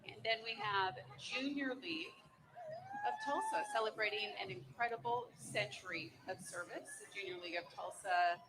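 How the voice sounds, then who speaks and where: A woman's voice: medium pitch, very animated, moderate pace, background noise. A woman doing live commentary at an outdoor winter parade, reading scripted introductions of each entry with casual asides. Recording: outdoor broadcast with band music behind.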